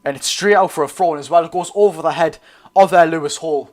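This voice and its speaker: A young man with a Geordie accent talks viewers through a live match in a loose, chatty way, often correcting himself and calling out to the lads. His voice sits a little above the usual male pitch. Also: fast talker. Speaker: football watchalong host. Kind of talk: live match commentary and chat.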